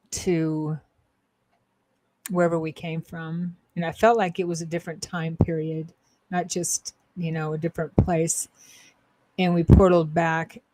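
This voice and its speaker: A slightly low-pitched woman co-hosts a casual spiritual talk show, speaking as a psychic-medium. She rambles and hesitates, stopping and restarting her sentences, with a dry, close sound. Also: darkish tone, no echo.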